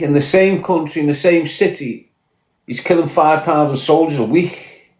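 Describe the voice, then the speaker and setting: A man's voice: on the high side, darkish tone. A man with a Liverpool Scouse accent, ranting bluntly and profanely on a podcast. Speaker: podcast guest. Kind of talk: podcast rant. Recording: echoey room.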